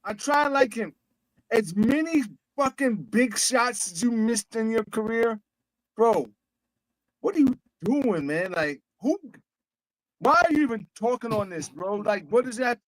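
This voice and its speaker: A man's voice: very high voice, animated, measured pace, no room sound, low-quality recording. A man co-hosting a casual sports podcast, ranting in an exasperated, profane way. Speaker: podcast co-host.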